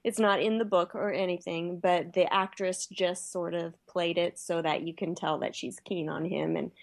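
A woman with a somewhat low voice chats casually, laying out her reading of a story. She explains her points in a matter-of-fact manner, with the odd filler. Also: fairly even intonation, normal speed, gravelly. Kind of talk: casual chat.

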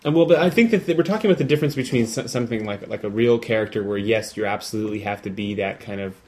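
A man chatting casually about films, making thoughtful, measured points. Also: lowish voice, a little mellow. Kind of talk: casual movie discussion.

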